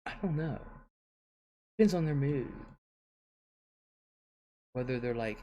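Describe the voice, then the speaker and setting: A woman's voice: rumbling low, animated, slow, mellow, slight background noise. An older woman hosting a casual livestream, chatting and reading viewer comments aloud with frequent chuckles. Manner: chuckles often, chatty and rambling. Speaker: livestream host.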